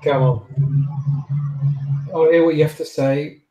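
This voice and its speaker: A man's voice: fairly high pitch, steady tone, slow pace, mellow, roomy sound, soft background music. A man playing a weary, dismissive garage boss. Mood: wry. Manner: dry, dismissive, offhand.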